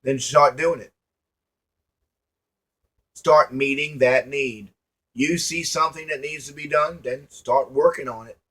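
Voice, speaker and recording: A man's voice: medium pitch, steady tone, a little slow, pauses often, bright, forceful tone. A man giving a preachy motivational monologue to his viewers, folksy and emphatic, repeating lines and asking rhetorical questions. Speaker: online commentator.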